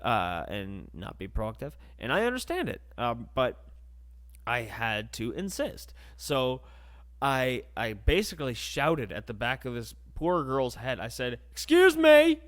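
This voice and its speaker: A man's voice: medium pitch, measured pace. A young man hosting a podcast, telling a crude comedic story and acting out the voices. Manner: animated, crude, acts out voices. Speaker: podcast host.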